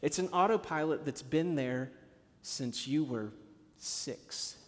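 Pastor preaching in a reverberant hall. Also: male voice, a little high, slow pace. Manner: storytelling, swings from hushed to emphatic. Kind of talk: sermon.

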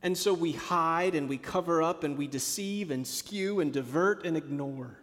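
A man preaching a sermon as a pastor, telling stories and moving from hushed, low passages to emphatic ones. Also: moderate pace. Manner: storytelling, swings from hushed to emphatic. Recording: long hall reverb.

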